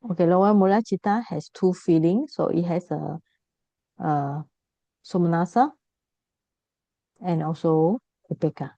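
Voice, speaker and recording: Woman, teacher, low mellow voice, patient explaining, lo-fi dry audio. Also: measured pace, creaky, pauses often, dry recording. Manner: explains patiently, repeats points, self-corrects. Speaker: Buddhist teacher. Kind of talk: teaching a class.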